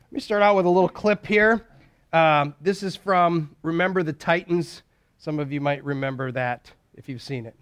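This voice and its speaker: A man's voice: on the high side, normal speed, clean tone, no room sound. A man preaching a sermon in a folksy storytelling way, acting out jokes and leading a prayer.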